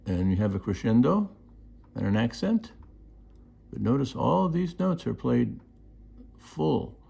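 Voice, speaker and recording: A man's voice: medium pitch, sing-song, unhurried, gravelly, mellow, breathy edge. A man teaching music, explaining markings and singing out rhythms and counts. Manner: sings rhythms and counts beats aloud. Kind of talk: instructional explanation.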